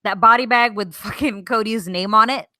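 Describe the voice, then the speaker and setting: A woman hosting a podcast in casual chat, animated, swearing and laughing often. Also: a little high, moderate pace, dry recording, clean studio sound. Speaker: podcast host.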